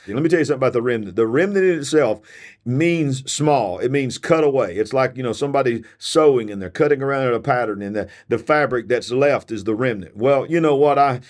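A man's voice: medium pitch, fairly quick, darkish tone. Fiery tired man preaching on his podcast. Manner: emphatic, repetitive, preachy. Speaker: preacher and show host. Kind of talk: fiery sermon-style podcast.

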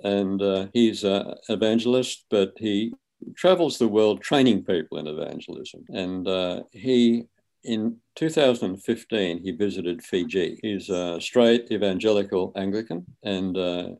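A man in his seventies, a guest on an interview, telling stories in a relaxed, conversational way. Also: lowish voice, unhurried. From Australia. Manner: relaxed, anecdotal, acts out quoted speech. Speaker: guest, author and physician. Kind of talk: conversational storytelling.

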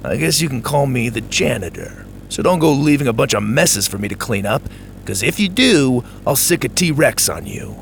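A man's voice: mid-range voice, animated, moderate pace, creaky, slight background noise. A man playing a teasing, laid-back camp janitor.

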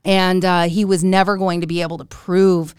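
A middle-aged woman hosting a podcast and telling a story, animated and giggly, acting out the lines she quotes. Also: lowish voice, moderate pace, smooth, no room sound, studio quality. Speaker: podcast host. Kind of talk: casual storytelling chat.

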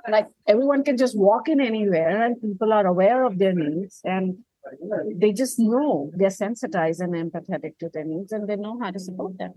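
A woman's voice: medium pitch, moderate pace, mellow, husky, dry recording, rough recording. Earnest woman, dry close sound. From India. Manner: earnest, persuasive, speaks with conviction. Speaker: guest, founder of an accessible travel company. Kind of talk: conversational podcast interview.

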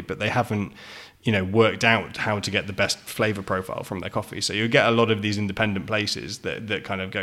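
Brief: English café owner, podcast guest, lower voice, rambling explainer with lots of ums. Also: male voice, fairly even intonation, fairly quick, a bit bright. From England. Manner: explains at length, with many fillers and restarts. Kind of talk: casual podcast conversation.

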